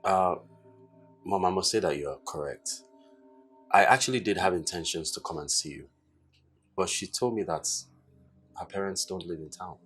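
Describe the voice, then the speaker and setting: A polite young suitor, very low husky voice, faint music under. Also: male voice, moderate pace, pauses often, a bit bright. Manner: polite, deferential. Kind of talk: film drama acting.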